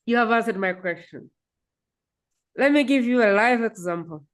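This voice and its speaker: A woman's voice: fairly high pitch, expressive, normal speed. A woman with a Ugandan accent hosting a podcast, musing aloud and often humming in agreement. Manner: thoughtful, musing aloud, frequent hums of agreement. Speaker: podcast host. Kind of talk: reflective interview conversation.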